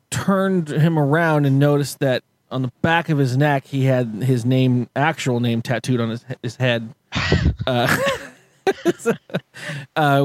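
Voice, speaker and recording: A man co-hosting a casual podcast, telling stories in a rambling, halting way with frequent laughs. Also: medium pitch, darkish tone, dry recording. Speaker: podcast co-host. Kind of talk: casual chat.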